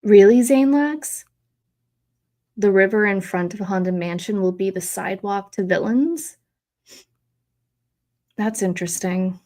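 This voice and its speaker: A woman's voice: mid-range voice, measured pace, pauses often, dark tone. A woman in her thirties hosting a live stream, chatting in a rambling, emotional way with many fillers and replying to chat. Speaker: host of a live theme park stream.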